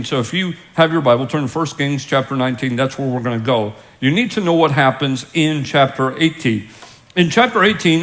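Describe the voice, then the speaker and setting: A man's voice: fairly high pitch, a bit bright. A male pastor preaching a sermon in a church, retelling scripture as a casual, joking story for his congregation. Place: church auditorium with live congregation.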